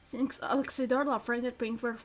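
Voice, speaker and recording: A woman's voice: on the high side, steady tone, a little fast, lightly acted. A woman voicing a formal, deferential male official in a game. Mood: earnest.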